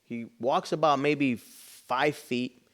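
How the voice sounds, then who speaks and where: Animated storytelling man, hushed asides. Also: mid-range voice, slow. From Chicago, USA. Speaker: guest, business owner and pastor. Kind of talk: personal storytelling in a podcast interview.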